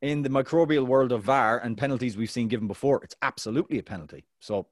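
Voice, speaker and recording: A man's voice: quick pace, dry recording, clean studio sound. A man co-hosting a football podcast, telling stories with big swings in his voice. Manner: animated storyteller, big pitch swings. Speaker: podcast co-host. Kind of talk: casual football chat.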